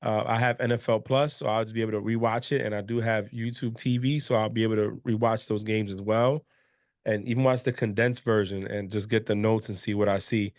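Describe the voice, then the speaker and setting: A man's voice: on the low side, fairly quick, dry recording, studio quality. Casual man hosting a sports podcast. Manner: relaxed, conversational, trailing restarts. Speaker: podcast host.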